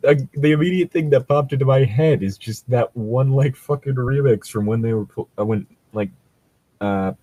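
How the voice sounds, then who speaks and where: A man's voice: medium pitch, moderate pace, mellow, no room sound. A man reading a fan story aloud in a casual comedic read-along, laughing often and swearing through rambling asides.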